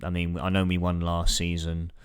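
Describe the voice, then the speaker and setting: A man co-hosts a football podcast in a chatty, wry manner. His voice is very deep and sounds smooth and resonant. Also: monotone, moderate pace. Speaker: podcast co-host. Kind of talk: casual football chat.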